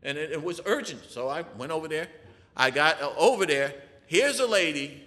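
A man telling a church testimony in an animated way, asking the listeners rhetorical questions. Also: on the high side, moderate pace. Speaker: person giving a testimony. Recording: long reverb of a large hall.

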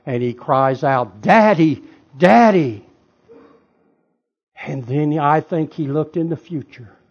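A man preaching a sermon with drama, moving from hushed, quiet lines to loud shouting. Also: on the high side, measured pace, slightly rough, muffled recording.

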